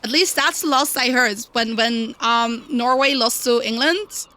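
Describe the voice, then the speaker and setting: A woman's voice: on the high side, a little slow, bright, forceful tone, slight background noise. A young woman streamer chatting casually while gaming, playful and giggly, cooing to her cat. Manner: playful, doting baby talk to her cat.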